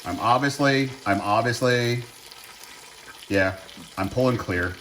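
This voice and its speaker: A man vlogs while cooking at home, chatting loosely, interrupting himself, and reaching often for ums and uhs. His mid-range, slightly bright voice moves slowly, with a little hiss or hum in the recording.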